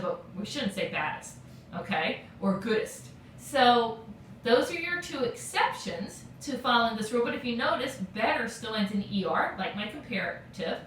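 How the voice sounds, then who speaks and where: A woman teacher giving a recorded grammar lesson, patient and steady, checking in with frequent okays. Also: on the high side, a little hiss or hum. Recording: echoey room, voice from a distance.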